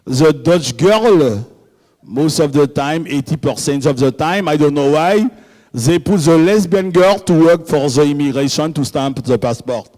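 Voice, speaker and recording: A man's voice: mid-range voice, very slow, pauses often, slightly rough, pitched below the performer's own voice, poor audio. A man voicing a bumbling male traveller with a put-on French accent, telling a rambling comic story.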